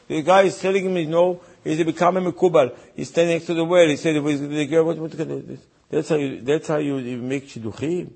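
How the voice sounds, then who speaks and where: Rabbi, man, husky, slightly high voice, incredulous scolding lesson. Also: steady tone, a little fast, hardly any pauses, a little mellow. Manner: incredulous, scolding, rhetorical questions, broken English. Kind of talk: animated Torah class, retelling with mock dialogue.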